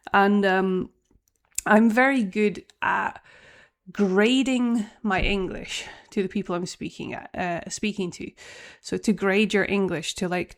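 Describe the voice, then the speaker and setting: A middle-aged woman with a light Scottish accent, originally from Scotland, hosting an English-learning podcast in a chatty, hesitant way full of fillers. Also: mid-range voice. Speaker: English teacher and podcast host. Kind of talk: casual podcast lesson.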